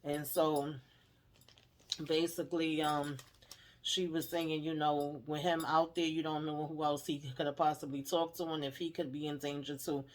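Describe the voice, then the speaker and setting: A woman's voice: deep voice, flat delivery, moderate pace. Chatty woman recapping a TV episode. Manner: chatty and emphatic, frequent "okay?" and "you know"; laughs while retelling. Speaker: TV recap host.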